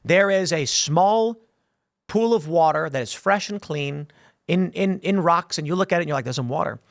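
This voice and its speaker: A man delivering heated political commentary in a voice that sits a little high for a man. He talks emphatically and wanders between points, acting out other voices as he goes. The recording is close and dry, with no room sound. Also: normal speed, dry recording. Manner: emphatic, rambling, acts out voices in scenarios.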